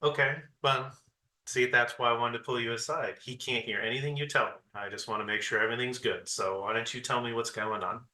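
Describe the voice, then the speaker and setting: A man's voice: medium pitch, fairly even intonation, fairly quick, bright, forceful tone, roomy sound. A man playing a pushy marine sergeant. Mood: pressing. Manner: direct, pushy. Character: blunt, aggressively polite male marine sergeant.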